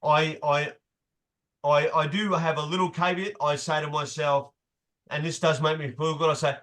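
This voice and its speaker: A man's voice: fairly high pitch, flat delivery, normal speed, a bit bright. A man leading a motivational group session as coach, emphatic, repeating key phrases and swearing casually.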